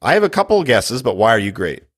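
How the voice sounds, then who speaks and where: A hoarse man co-hosting a sports podcast who ribs his partner in a mock-formal way. His voice sits at an ordinary middle pitch, roughened by a sore throat. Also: very animated, quick pace. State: hoarse from illness. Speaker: podcast co-host. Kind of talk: fantasy football podcast banter.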